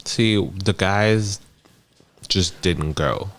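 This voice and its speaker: A man co-hosting a podcast, chatting casually with relaxed short remarks. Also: deep voice, drawn-out words. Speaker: podcast co-host. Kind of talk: casual chat.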